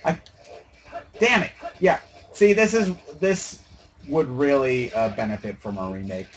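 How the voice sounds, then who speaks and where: A man's voice: mid-range voice, very animated, unhurried, a little hiss or hum, low-quality recording. A man streaming a video game, giving rambling, sarcastic and profane casual commentary.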